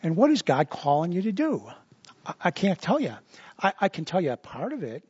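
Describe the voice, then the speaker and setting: A man's voice: sits high, huge pitch swings, a little fast, a little mellow, slightly rough, dry recording, muffled recording. A man preaching a sermon as a pastor, in a conversational style full of repetitions and asides.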